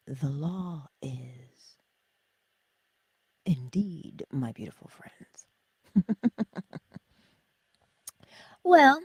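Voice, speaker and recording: A breathy woman hosts a casual morning inspiration talk, her pitch swinging widely as she chats. She laughs often and slips into soft whispers to stress a point, recorded close and dry. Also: no echo. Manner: animated, laughs often, drops to whispers for emphasis. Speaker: host of a morning inspiration livestream. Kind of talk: casual spiritual pep talk.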